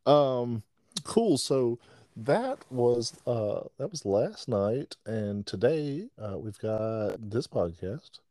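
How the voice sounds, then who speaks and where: A man's voice: medium pitch, expressive, slow pace, dark tone, no echo. A man hosting a podcast, telling rambling jokey stories and laughing often. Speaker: podcast host. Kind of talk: casual podcast banter.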